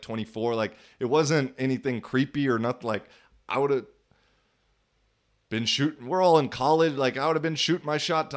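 A young man hosting a podcast, telling stories in a casual, slangy way with lots of filler words. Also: mid-range voice. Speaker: podcast host. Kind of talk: casual storytelling monologue.

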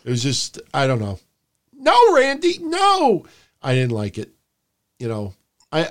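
A man co-hosting a wrestling podcast, recapping the show in casual, profane chat and shouting out quotes in a high voice. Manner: animated, profane, mimics people in loud high shouts. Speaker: podcast co-host.

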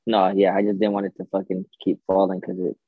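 A man chats as a podcast guest in quick, slangy bursts full of swearing, his voice a little husky. He talks through earbuds, so the sound comes out muffled and lo-fi. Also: sits low, completely flat delivery, dry recording. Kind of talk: casual chat. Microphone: earbuds on a phone. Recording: dull lo-fi earbud mic.

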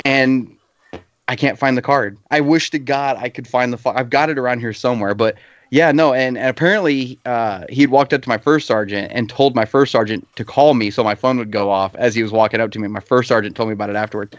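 A man's voice: medium pitch, brisk, no echo, muffled recording. A man co-hosting a casual livestream, telling laughing, profane anecdotes about his army days. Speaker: podcast co-host, veteran. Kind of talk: casual livestream chat, storytelling.

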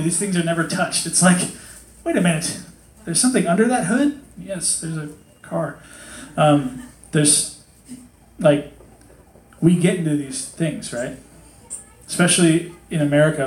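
A man preaching in a loose, conversational way, cracking jokes and slipping into the voices of the people he quotes. His voice sits a little higher than most men's. He is heard in a roomy, echoing hall. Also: a little mellow. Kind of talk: casual sermon. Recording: echoey hall.

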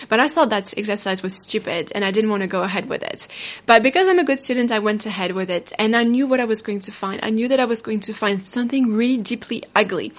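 A woman hosting a podcast as a self-love coach, telling a personal story in a reflective way that slows down on emotional words. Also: medium pitch. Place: indoor studio.

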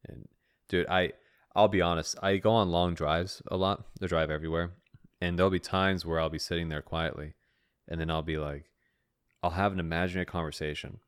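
Deep-voiced laughing podcast co-host. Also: male voice, steady tone, fairly quick, smooth, dry recording, studio quality. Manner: laughs often, acts out his own inner voice. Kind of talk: casual chat.

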